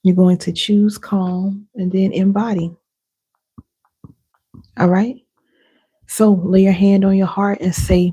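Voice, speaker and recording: A woman working as an inner healing coach, hosting a live session and talking viewers through slow affirmations and deep breaths in a casual, direct way. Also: flat delivery, warm tone, breathy edge.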